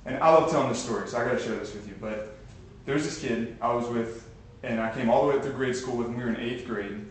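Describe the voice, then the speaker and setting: A man's voice: medium pitch, fast talker, a little hiss or hum. A man giving a motivational talk to a live group, telling stories and building to pumped-up exhortation, recorded from a far camcorder. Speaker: motivational speaker. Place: large room with a live group. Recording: echoey room from a far camcorder.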